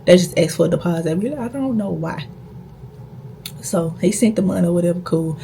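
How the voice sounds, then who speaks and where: A young woman tells her story straight to camera, blunt and full of swearing, pressing hard on her points. Her voice sits low and carries a gravelly fry. A faint hiss of noise runs under the recording. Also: lively intonation, brisk, warm tone. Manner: blunt, profane, emphatic storytelling. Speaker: vlogger. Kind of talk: casual storytime.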